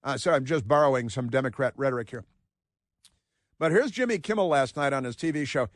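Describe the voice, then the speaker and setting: A man's voice: mid-range voice, animated, a little fast, dry recording, clean studio sound. A man hosting talk radio, mocking and rambling, with frequent filler words. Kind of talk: casual talk radio commentary.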